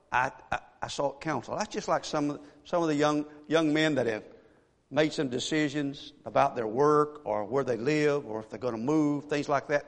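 A man preaching a sermon as a pastor, telling a story with animated asides and rhetorical questions to the congregation. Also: medium pitch, gravelly. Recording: echoey church hall.

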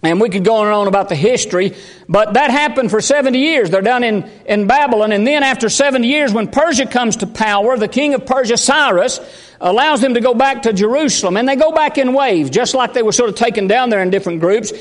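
A man's voice: very high voice, expressive, quick pace. A man, preaching a fervent, folksy sermon as pastor. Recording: long hall reverb.

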